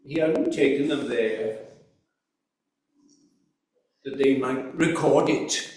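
A man's voice: medium pitch, a little mellow, slight background noise. A man preaching a sermon in an earnest, emphatic way, asking rhetorical questions. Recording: echoey hall recorded from far off.

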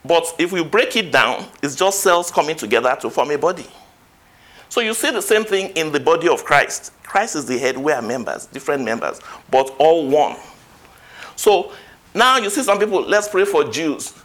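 A man's voice: on the high side, very animated, moderate pace, fairly bright tone. Man preaching a scripture-heavy sermon. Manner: quoting scripture, rising to emphatic peaks.

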